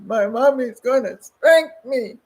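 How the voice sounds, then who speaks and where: A woman's voice: on the high side, expressive, slow, a little mellow, husky, voice pushed up, full character voice, low-quality recording. A woman doing a whiny little boy. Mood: pleading. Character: whiny little boy pleading with his mother.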